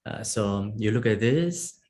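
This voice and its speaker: A man's voice: lowish voice, expressive, unhurried, a little mellow. A man teaching a beginner Pali lesson as a monk, drilling sounds one at a time, checking in with "okay?" and chuckling as he goes. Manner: chuckles often while explaining.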